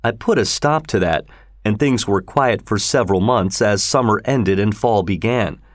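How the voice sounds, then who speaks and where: A man narrating a story in a steady, measured way. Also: lowish voice, dry recording, clean studio sound. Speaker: audiobook narrator.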